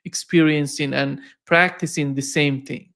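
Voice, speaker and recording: Gravelly man asking halting questions. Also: a little high, fairly even intonation, a bit bright. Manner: halting, repeats words while forming questions. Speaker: interview host. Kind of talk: interview questions.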